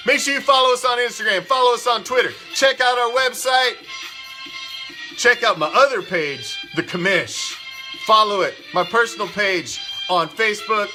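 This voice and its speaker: Man, fan show host, high voice, profane, heated rambling rant, music behind. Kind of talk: casual ranting commentary.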